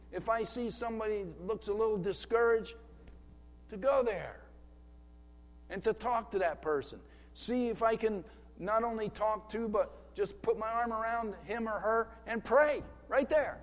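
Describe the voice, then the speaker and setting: A man's voice: high voice, unhurried, long reverb tail. A male pastor giving a conversational sermon in a church sanctuary, acting out the thoughts of a churchgoer. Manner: conversational preaching with acted-out inner thoughts.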